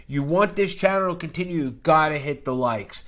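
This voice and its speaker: A middle-aged man hosts his finance channel in a loose podcast-style monologue. His voice sits a bit high for a man, and he talks in a brash, joking way that hops from one topic to the next. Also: animated, moderate pace, a bit bright. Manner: brash, jokey, jumps between topics.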